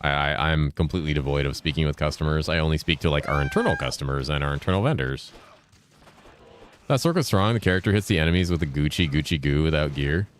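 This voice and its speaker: A man's voice: rumbling low, fast, slight background noise. A man in his thirties, a streamer chatting casually and swearing freely as he answers chat, speaking in a carefully enunciated voice with a lifted inflection. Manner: laid-back, profane, reads and answers chat while playing. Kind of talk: casual gaming livestream chat.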